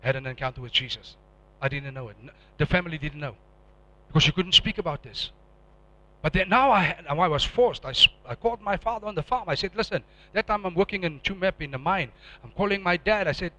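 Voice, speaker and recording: Intense preacher, bright voice. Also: male voice, fairly high pitch, expressive, fairly quick, dry recording, poor audio. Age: middle-aged. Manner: emotional, swings from hushed to loud and intense. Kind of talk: personal testimony sermon.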